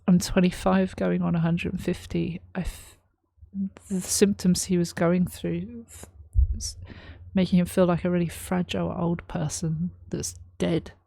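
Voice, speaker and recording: A woman reacting to a song, reading lyrics aloud and explaining them in a thoughtful, halting way, with many ums. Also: fairly low pitch, flat delivery, creaky, dark tone, no echo, clean studio sound. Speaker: music reaction host. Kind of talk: casual reaction commentary.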